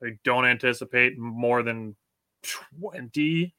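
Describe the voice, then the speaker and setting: A man's voice: medium pitch, slow, bright, forceful tone, no room sound, studio quality. A man with an American accent co-hosting a sports podcast, chatting casually, reading out listener comments and laughing often. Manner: laughs often, reads chat comments aloud. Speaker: podcast co-host.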